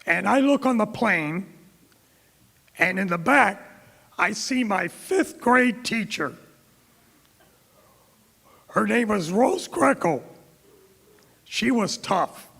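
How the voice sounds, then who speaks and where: A middle-aged man from Florida tells stories from a podium in a slow, measured way. His fairly high voice has a gravelly edge. The sound rings with the long echo of a big hall. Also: very animated, fairly bright tone. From Tampa, Florida. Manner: anecdotal, quotes others in dialogue. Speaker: keynote speaker. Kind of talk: storytelling speech. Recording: reverberant hall.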